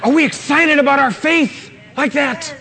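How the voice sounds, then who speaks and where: Male pastor, very high voice, fervent sermon delivery that acts out scenes. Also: normal speed, gravelly, sharp tone. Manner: fervent preaching, acts out scenes with sudden bursts.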